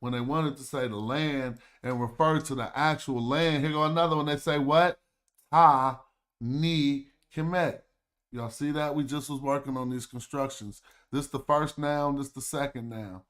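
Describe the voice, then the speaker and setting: A man speaks in at a mid pitch, hosting his own livestream in a loose, casual way. He thinks aloud as he reads, sounding out words slowly and drawing them out. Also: steady tone, a bit bright. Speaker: livestream host. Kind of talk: casual livestream study talk.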